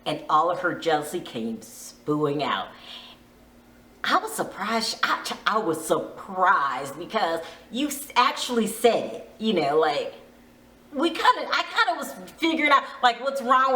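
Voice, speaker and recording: A woman's voice: a little high, very animated, measured pace, pushed and bright. A woman vlogger giving a chatty, dramatic, gossipy recap. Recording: roomy echo.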